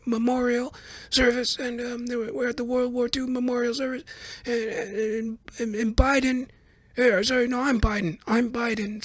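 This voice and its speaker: A man putting on a very high-pitched, squeaky voice as a rambling old male politician who stammers and repeats himself. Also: pushed and bright, no echo, exaggerated voice. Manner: stammering, repeats greetings and fillers.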